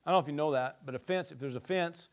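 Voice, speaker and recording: A man preaching a sermon in an animated, playful way, swinging from soft asides to shouting. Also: on the high side, fast. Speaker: pastor.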